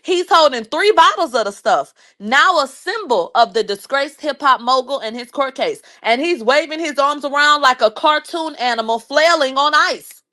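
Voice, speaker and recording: A woman commentator reading a news article aloud on her channel, cursing and mocking it between lines in a loud, sarcastic manner. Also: high voice, animated, moderate pace, hardly any pauses. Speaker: commentary YouTuber.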